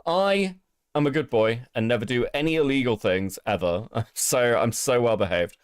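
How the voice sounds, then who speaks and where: A man's voice: medium pitch, normal speed, smooth, dry recording, studio quality. A British man hosting a live stream, chatting casually, laughing often and swearing through rambling asides. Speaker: stream host.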